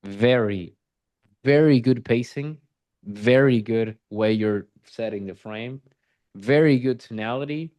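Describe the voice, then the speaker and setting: A man's voice: mid-range voice, slow, darkish tone, dry recording. A man giving coaching commentary on a sales roleplay, praising and repeating his points for emphasis.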